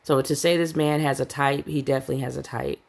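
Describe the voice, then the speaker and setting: A woman's voice: extremely low pitch, fairly even intonation, quick pace, creaky, a little mellow. A woman hosting a celebrity gossip channel, reading news quotes aloud and breaking off with sarcastic asides in a casual commentary style.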